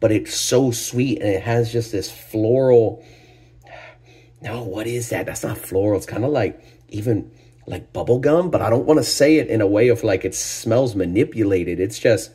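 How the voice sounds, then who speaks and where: Male vlog host, low and raspy, excitable and chatty while reviewing spirits on camera. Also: moderate pace. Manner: enthusiastic, exclaiming over aromas with frequent sighs and "oh my gosh". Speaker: tequila reviewer, channel host. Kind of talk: casual spirits tasting review.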